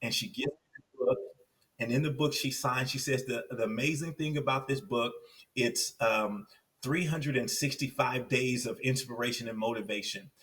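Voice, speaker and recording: A man from Compton, California, a guest on a podcast, telling his life story in a lively way and repeating phrases for emphasis. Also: mid-range voice, moderate pace, recorded from a distance. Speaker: podcast guest, success coach.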